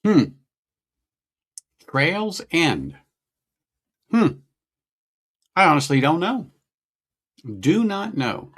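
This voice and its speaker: A man's voice: on the high side, big pitch swings, very slow, long pauses, fairly bright tone. A middle-aged man chatting casually on a whiskey-tasting livestream, musing aloud and greeting viewers. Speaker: livestream host.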